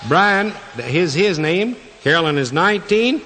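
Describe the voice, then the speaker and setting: Folksy drawling comedian, high lively voice. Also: male voice, unhurried, a little hiss or hum. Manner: drawling, joke-telling, rural folksy talk. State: has a cold. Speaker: comedian on stage. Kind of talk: folksy stage comedy monologue. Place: large venue with stage and audience. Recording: reverberant hall with audience ambience.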